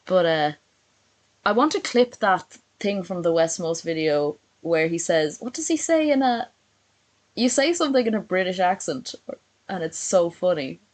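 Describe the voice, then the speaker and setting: A woman streaming from home with a slightly low voice, talking casually and sarcastically. She reacts as she goes and reads messages aloud in little put-on voices. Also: lively intonation, normal speed. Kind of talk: casual live stream commentary.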